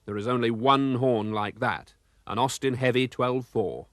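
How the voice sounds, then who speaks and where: A man narrating a children's storybook cartoon, expressive and voicing the sound effects himself. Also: mid-range voice, measured pace, no room sound, studio quality.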